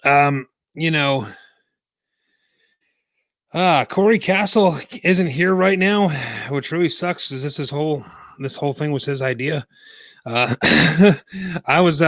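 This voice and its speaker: Man, podcast host, bright and lively, slightly high voice, casual rambling chat, out of breath, dry close sound. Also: no echo. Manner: rambling, jokey, with frequent fillers and restarts. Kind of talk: casual live watch-along chat.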